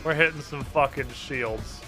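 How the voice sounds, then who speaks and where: A man streaming a game, chatting casually and excitably, swearing now and then. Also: mid-range voice, unhurried, over music. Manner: excitable, swears casually, baby-talks to a puppy.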